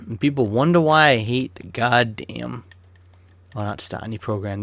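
Young dude rambling over a football game, swears a lot, dry close mic. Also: male voice, medium pitch, moderate pace, no echo. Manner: chatty, swears freely, flares up in sudden rants. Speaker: gaming YouTuber. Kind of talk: casual gameplay commentary.

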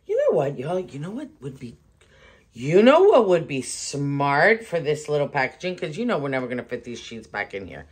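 A middle-aged woman, chatting casually to camera in an animated way, laughing often and restarting her sentences. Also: deep voice, moderate pace, breathy edge. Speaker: home decor vlogger. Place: home bedroom.

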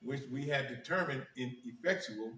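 Emphatic preacher man, bright and echoey. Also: mid-range voice. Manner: emphatic, repeats key phrases, slows down on scripture. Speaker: pastor. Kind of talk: sermon. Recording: echoey room, mic at a distance.

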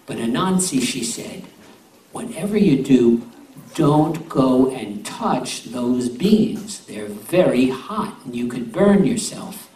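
A man voicing a gentle old grandmother who speaks slowly and warns her grandson. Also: mid-range voice, lively intonation, slight background noise, pitched below the performer's own voice. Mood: cautioning. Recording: roomy live sound from a distance.

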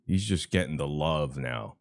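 A man's voice: rumbling low, expressive, measured pace, no room sound, studio quality. A man streaming his reactions to a clip, mocking and profane, laughing often. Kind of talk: casual reaction commentary.

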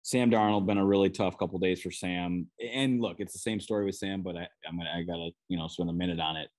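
A man with a Minnesotan accent hosts a solo sports podcast, breaking down players and practices. His voice sits low, and he talks in a relaxed, rambling way, often restarting his sentences mid-thought. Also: quick pace. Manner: conversational, with frequent restarts and "you know". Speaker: sports beat writer and podcast host.

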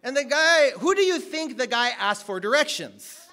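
Male preacher, very high pitch, bright forceful tone, energetic and joking delivery. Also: normal speed, few pauses. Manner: energetic, joking, shouts at peaks. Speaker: guest preacher. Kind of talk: sermon.

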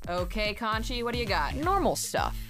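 A woman's voice: on the high side, sing-song, over loud music. A woman voicing a smug, self-centered female talking smartphone in a cartoon, sarcastic and self-pitying. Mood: snarky. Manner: sarcastic and self-pitying, quick mood swings. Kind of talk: cartoon voice acting.

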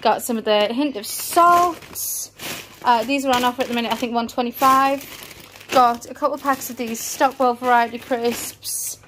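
A woman's voice: on the high side, normal speed, background noise. A woman, a mother, chatting casually through a grocery haul item by item, a little out of breath. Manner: chatty, rambling item-by-item listing. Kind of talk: casual vlog chat. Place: family home, indoors.

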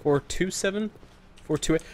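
A man giving excitable let's play commentary, whooping, joking and swearing as he plays. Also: on the high side, normal speed, dry recording. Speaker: gamer.

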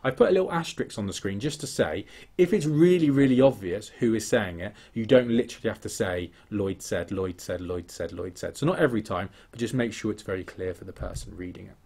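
A man walks through a recorded English writing lesson in a low, slightly breathy voice. He explains point by point, checking in with "okay?" and "yeah?", and his sentences fall away quieter at the end. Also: a little fast. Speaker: English teacher. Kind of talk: recorded exam-prep lesson over slides.

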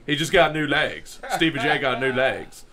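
Animated, bright-voiced man telling stories. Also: medium pitch, moderate pace. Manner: profane, animated storytelling with quoted voices. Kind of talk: casual chat.

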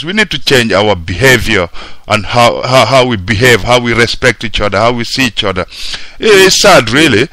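A man's voice: mid-range voice, sharp tone, no echo. Heated ranting male radio presenter. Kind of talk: radio talk monologue.

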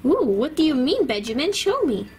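A woman's voice: high-pitched, sing-song, moderate pace, darkish tone, slight background noise. A woman voicing an encouraging art teacher praising toddlers in a toy-doll play video. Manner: coaxing, praising.

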